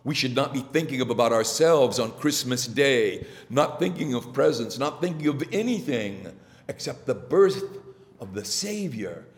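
A man preaching a sermon, halting and repeating himself now and then, with a slow, musing delivery. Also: mid-range voice, lively intonation. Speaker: priest. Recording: long hall reverb.

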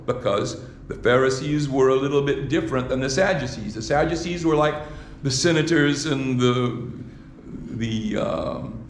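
A man's voice: medium pitch, a little hiss or hum. Man preaching in an echoey church. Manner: repeats words, asks the congregation rhetorical questions. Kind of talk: sermon. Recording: echoey hall with faint ambience.

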